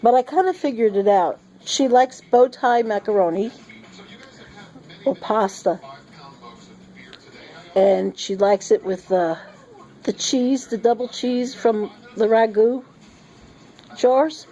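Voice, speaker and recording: Lady rambling on camera, sick and breathless, giddy and laughing, soft warm voice. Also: on the high side, takes it slowly, pauses often, low-quality recording. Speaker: vlogger. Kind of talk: casual rambling monologue. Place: sitting at home.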